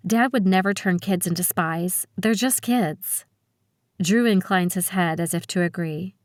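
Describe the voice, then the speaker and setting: A woman narrating a novel in the first person, reading in a steady, measured way. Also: fairly low pitch, no echo, clean studio sound. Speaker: audiobook narrator.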